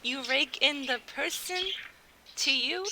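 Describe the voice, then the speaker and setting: A young American woman with a high voice streams at a slow pace, chatting casually and giggling. She keeps interrupting herself to restart sentences, with clear background noise in the recording.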